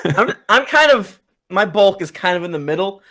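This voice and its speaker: A man's voice: sits high, very animated, normal speed, pushed and bright. A man playing a tabletop game, giggly and playful. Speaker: player.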